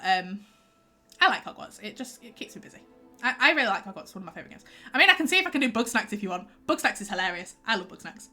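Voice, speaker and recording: A young woman chatting casually with her stream viewers, rambling and excitable. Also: medium pitch. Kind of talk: casual livestream chat.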